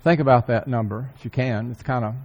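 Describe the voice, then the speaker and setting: A man preaching a sermon, earnestly repeating key phrases for emphasis and often clearing his throat. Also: mid-range voice, steady tone, fairly quick, darkish tone, dull audio. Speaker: church speaker. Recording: long hall reverb.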